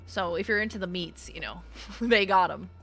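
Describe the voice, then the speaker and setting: Bright-voiced chatty woman streamer. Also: lowish voice, normal speed. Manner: chatty, laughing, swears freely. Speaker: game streamer. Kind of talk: casual chat while gaming.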